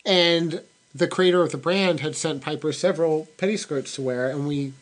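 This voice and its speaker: A woman's voice: sits low, normal speed. A middle-aged woman behind the camera, teasing and prompting the host with questions. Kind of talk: casual chat behind the camera.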